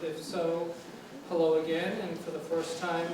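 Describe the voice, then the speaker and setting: A man from New York City giving an informal talk as a guest lecturer on English, relaxed and chatty with many fillers and restarts. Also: a little high, a little slow, recorded from a distance, crowd noise. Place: university lecture room. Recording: echoey room, from afar, faint hiss.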